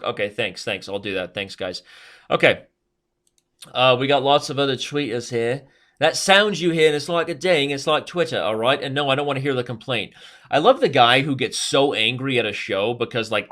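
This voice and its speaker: A man hosting a live chess stream, talking quickly and cracking jokes as he explains openings. His voice is bright and forceful, sitting at an ordinary middle pitch. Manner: fast-talking, joking, chatty.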